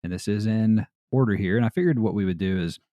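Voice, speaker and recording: Man, southern drawl, deep voice, mellow tone, relaxed rambling podcast host. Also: quick pace, dry recording, clean studio sound. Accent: American Southern. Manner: laid-back, rambling with fillers and frequent laughs. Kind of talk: casual podcast chat.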